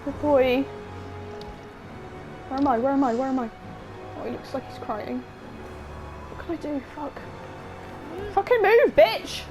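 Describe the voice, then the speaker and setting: A young woman, commentating on a game she is playing, excitable and swearing often, with a sore throat. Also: sits high, moderate pace, long pauses, music in the background, low-quality recording. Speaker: game streamer. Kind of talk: let's-play commentary.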